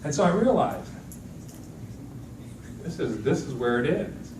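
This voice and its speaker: A middle-aged motivational speaker with a fairly high pitch and slightly slow delivery tells animated stories to an audience in a large event hall, playing the characters himself. The sound is noisy with hall echo from a distant microphone.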